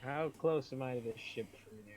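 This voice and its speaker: A man's voice: medium pitch, moderate pace, poor audio. A man playing a tabletop game, speaking mildly and matter-of-factly. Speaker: player. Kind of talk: casual tabletop game chat.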